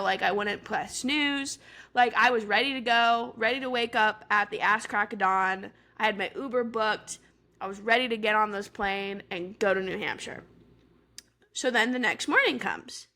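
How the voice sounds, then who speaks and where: A woman's voice: on the high side, pushed and bright. A woman in her twenties, co-hosting a podcast and telling a story in casual chat, talking in a chatty way with lots of "like" fillers. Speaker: podcast co-host.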